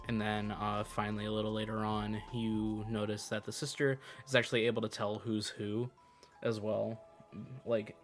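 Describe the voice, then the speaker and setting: A man with a lowish, fairly flat voice co-hosting a casual book podcast. He talks hesitantly and often restarts, with soft music under him. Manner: hesitant, many fillers and restarts. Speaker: podcast co-host.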